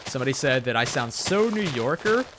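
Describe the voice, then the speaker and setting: A man's voice: mid-range voice, big pitch swings, fairly quick, noisy background. A young man from Tennessee with a Southern accent, rambling and joking casually while he plays a game and comments on it, with a sore throat. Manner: rambling, chatty, self-joking. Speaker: gaming channel host. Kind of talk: Let's Play gameplay commentary.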